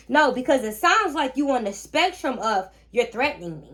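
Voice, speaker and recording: A young woman hosting a casual storytime vlog about her rental guests, talking in a sassy, animated way with slangy asides to the viewer. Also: high-pitched, normal speed, hardly any pauses. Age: young adult. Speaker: short-term rental host.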